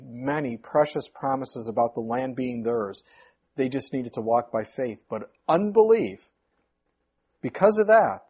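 A man's voice: mid-range voice, darkish tone, breathy edge. A male pastor preaching a sermon, emphatic, his voice rising sharply on key points. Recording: muffled lo-fi recording.

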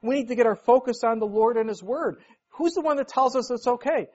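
A man preaching a relaxed, conversational sermon, folksy and full of everyday stories. He slips into the voices of the people he quotes. The recording sounds dull and lo-fi. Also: very high-pitched, fairly quick. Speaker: pastor.

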